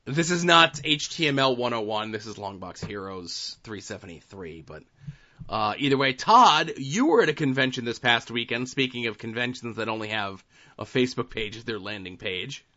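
A man's voice: medium pitch, big pitch swings, moderate pace, pushed and bright, lo-fi sound. A man hosting a podcast in casual chat, trading dry, teasing banter with his co-host.

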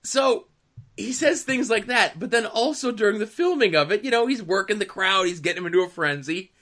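A man's voice: high voice, brisk. A man telling wrestling backstage stories in casual podcast chat, with sly asides. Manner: animated storyteller, sly asides.

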